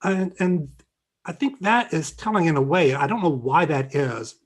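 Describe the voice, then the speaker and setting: A man's voice: on the high side, expressive, moderate pace. A man presenting survey results at a faculty meeting, explaining slides with frequent fillers and restarts over a video call.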